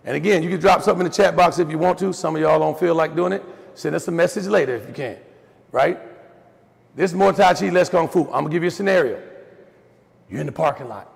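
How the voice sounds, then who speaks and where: A middle-aged man tells stories in a folksy, lively way and speaks straight to his audience. His voice is heavily gravelly and sits a little high for a man. He comes through a video call with a long, echoey reverb. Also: quick pace. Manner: folksy, animated storyteller addressing the audience as y'all. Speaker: guest speaker on raising boys. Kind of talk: storytelling talk in a virtual Q&A.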